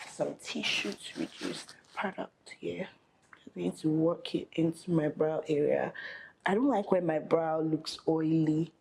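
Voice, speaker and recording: Casting: young woman, low voice, chatty get-ready-with-me makeup vlogger. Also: gravelly, dark tone, rough recording. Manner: chatty, thinking aloud while applying makeup. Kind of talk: casual get-ready-with-me chat.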